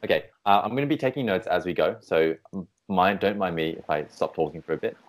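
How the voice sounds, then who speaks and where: Chatty encouraging voice coach guy, lowish voice, on a video call. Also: fast. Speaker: vocal coach. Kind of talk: online singing lesson.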